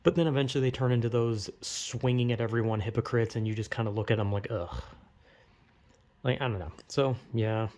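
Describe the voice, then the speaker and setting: A man's voice: mid-range voice, steady tone, fast talker, hardly any pauses, a little mellow. A man talking to camera in a rambling, casual rant, full of fillers, restarts and swearing. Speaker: video creator. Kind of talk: casual ranting monologue.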